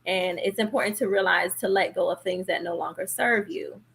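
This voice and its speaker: Husky, gravelly-voiced woman. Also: medium pitch, brisk, fairly bright tone. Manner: thoughtful, searching for words. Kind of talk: casual chat.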